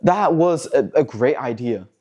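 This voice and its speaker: A man's voice: mid-range voice, expressive, measured pace, mellow. A man hosting a car news vlog, talking in a jokey, sarcastic, casual commentary style. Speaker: host of a car news show.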